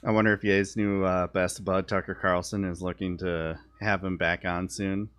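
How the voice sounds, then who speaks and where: A man's voice: low voice, little pitch movement, normal speed, fairly bright tone, clear, resonant tone. A man who streams live, giving casual political commentary in a blunt, sarcastic way and swearing offhandedly.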